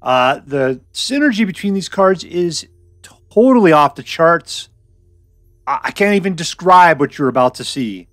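A man's voice: on the high side, animated, a little slow, a bit bright, dry recording, studio quality, soft background music. A man hosting a card game video with goofy, jokey commentary, hyping up his deck. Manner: goofy, jokey, hype-y, puts on silly voices. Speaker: host of a card game channel. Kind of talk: playful gameplay commentary.

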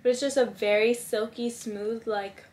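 A woman's voice: a little high, fairly even intonation, normal speed, a little mellow. Gushing young woman showing off gifts. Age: 20s. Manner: gushing, chatty, many likes and ums. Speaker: vlogger. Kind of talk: casual haul vlog.

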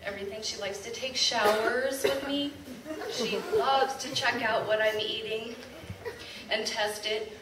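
A woman's voice: fairly high pitch, fairly bright tone, far from the mic. A woman on stage at a school staff talent show, chatting fondly and often laughing, then reciting a poem aloud. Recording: echoey hall recorded from afar with background noise.

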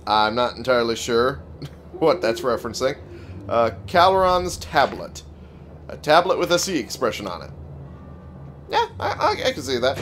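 A man's voice: medium pitch, sing-song, unhurried, pauses often, a bit bright, low-quality recording. A young man giving casual let's-play commentary, reading item text aloud with wry jokes and frequent swearing. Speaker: gameplay commentator. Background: game music.

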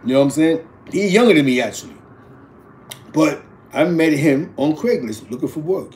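A man's voice: fairly high pitch, animated, normal speed, darkish tone, a little hiss or hum. A man in his forties telling a personal story as a father, with street slang and asides. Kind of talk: casual storytelling to camera.

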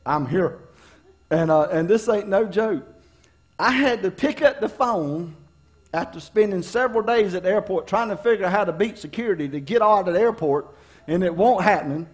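A middle-aged pastor from preaches with a notably high-pitched man's voice. He tells folksy, funny stories from his own life, rising and dropping for dramatic effect as he draws the lesson. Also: animated, moderate pace. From North Carolina, US. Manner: folksy, humorous storyteller with dramatic swings in delivery. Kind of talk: storytelling sermon.

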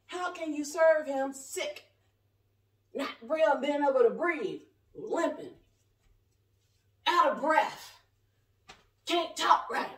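A self-proclaimed prophet in her forties preaches to camera from her home in a high voice with lively intonation, speaking slowly and pausing often. Fervent and rambling, she talks colloquially, swinging between shouting and soft asides. Recorded from a distance, her voice echoes through the room.

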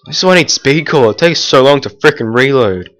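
A man's voice: medium pitch, lively intonation, fairly quick, fairly bright tone. Rambling teenage boy narrating gameplay. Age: teens. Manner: rambling, full of fillers and restarts; erupts in annoyed outbursts at the game. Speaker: gameplay commentator. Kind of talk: casual gameplay commentary.

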